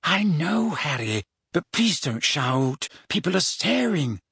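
A man voicing an anxious, bossy teenage girl witch in an audiobook, shrill when alarmed and hushed when urging. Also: sing-song, measured pace, slightly rough, no room sound, clean studio sound, heavily acted. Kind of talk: audiobook character voice.

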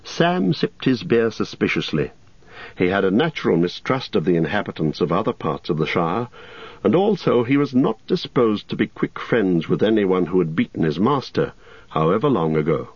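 Male audiobook narrator, low and husky, lively delivery, dull dry recording. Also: no room sound. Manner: measured, expressive storytelling. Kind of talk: audiobook reading.

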